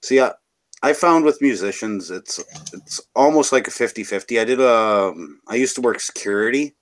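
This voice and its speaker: A man's voice: mid-range voice, animated, moderate pace. A man from Canada chatting casually, rambling and swearing freely. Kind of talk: casual chat.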